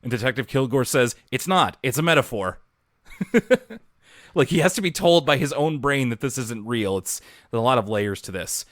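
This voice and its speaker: A man's voice: medium pitch, moderate pace, dry recording, studio quality. A man co-hosting a podcast, recapping a cartoon episode in casual chat and laughing often. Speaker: podcast co-host.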